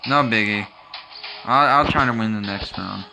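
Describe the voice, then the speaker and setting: A man giving casual, excitable commentary over his own gameplay, reacting loudly to what happens. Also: lowish voice, moderate pace, vocal fry, music in the background, low-quality recording.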